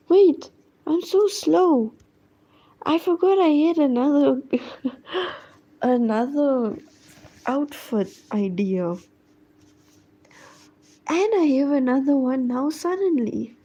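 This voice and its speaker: A woman's voice: high-pitched, expressive, takes it slowly, pauses often, mellow, muffled recording. A woman chatting casually while she draws, rambling along with lots of fillers and trailing thoughts. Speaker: drawing streamer. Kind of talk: casual chat while drawing.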